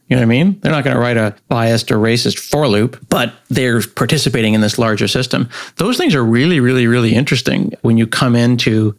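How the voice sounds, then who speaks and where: Animated American man explaining. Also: medium pitch. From United States. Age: middle-aged. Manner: animated, rambling explanations with acted-out quotes. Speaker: guest software developer. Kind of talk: conversational interview.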